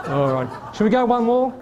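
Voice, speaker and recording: A man hosting a comedy show, telling quick bar jokes and laughing at them. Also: sits high, a little mellow, dull audio. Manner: jokey, chatty, laughs at his own jokes. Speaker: host. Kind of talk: stand-up joke telling.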